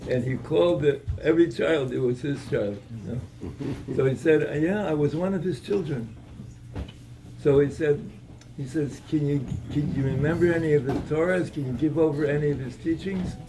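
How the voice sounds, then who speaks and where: A man giving a Torah talk at an evening gathering, telling a story in a halting way, with many repeated words and restarts. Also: a little high, far from the mic, noisy background.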